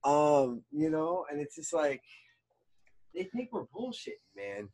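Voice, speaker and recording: Ranting animated podcast guy. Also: on the high side, a crowd in the background. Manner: animated, swearing, fast rants. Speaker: podcast co-host. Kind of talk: casual chat.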